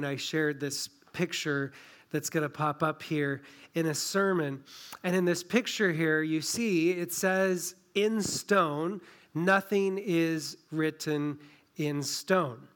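A man with a fairly high voice preaching in a relaxed, conversational way while pressing hard on key points. He sounds like a pastor talking through a passage with his own congregation in a small-town church. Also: measured pace, clear, resonant tone. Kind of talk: sermon.

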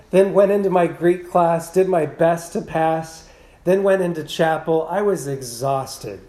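A man preaching a sermon as pastor, earnest, moving between quiet pleading and loud emphasis. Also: fairly high pitch. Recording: echoey room.

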